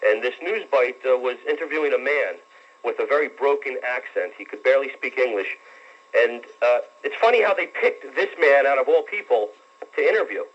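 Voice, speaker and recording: A man in his twenties phones in to talk radio, earnest and rambling, pausing often on fillers. His voice sits at a middle pitch. The sound is a dull, lo-fi radio broadcast. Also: lively intonation. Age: 20s. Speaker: caller.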